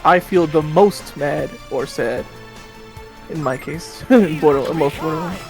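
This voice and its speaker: A man's voice: fairly high pitch, a little slow. Guy co-hosting a game stream, chatty, keeps restarting sentences, bit of music under it. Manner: chatty, reads viewer comments aloud, frequent restarts. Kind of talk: casual chat while streaming a game.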